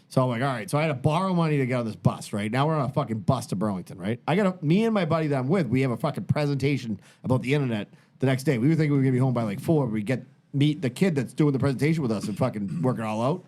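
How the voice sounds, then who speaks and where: A middle-aged man tells a long, profane story in a casual podcast chat. His pitch sits in the middle of the range, and he keeps drifting into side tangents as the story builds. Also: rapid-fire. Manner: profane, rambling, animated storyteller. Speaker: podcast host.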